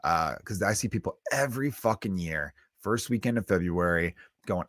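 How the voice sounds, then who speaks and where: A man's voice: lowish voice, a little fast, no room sound, studio quality. A man in his thirties hosting a solo comedy podcast, ranting bluntly with lots of swearing. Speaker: podcast host.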